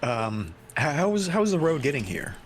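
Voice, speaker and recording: A man's voice: on the high side, sing-song, moderate pace, heavy background noise. A man playing in a tabletop game, blunt and laid-back, swearing casually. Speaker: player. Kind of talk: casual in-character table talk.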